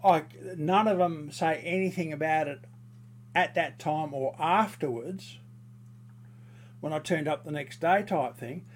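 A man's voice: a little high, measured pace, slight background noise. A man in a casual monologue, ranting heatedly and crudely, rambling with fillers and restarts.

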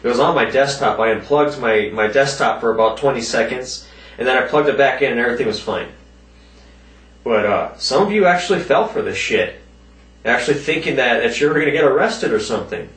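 A man ranting casually to his viewers, rambling and swearing often, raising his pitch when he mimics other people. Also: animated, a little fast, fairly bright tone, echoey room, recorded from a distance. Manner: rambling, swears a lot, voices quoted people in a higher pitch. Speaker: vlogger. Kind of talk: casual profane rant to viewers.

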